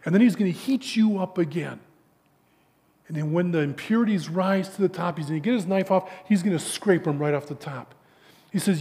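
Man preaching in a reverberant hall. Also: sits high. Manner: halting, repeats words often, drops to a hushed voice for emphasis. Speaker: pastor. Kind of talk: sermon with storytelling.

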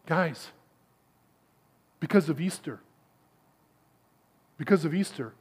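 High-voiced man preaching with hushed drops. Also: a little slow, long pauses. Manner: storytelling, stammering repeats, drops to a hushed low for emphasis. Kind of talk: sermon to a men's gathering.

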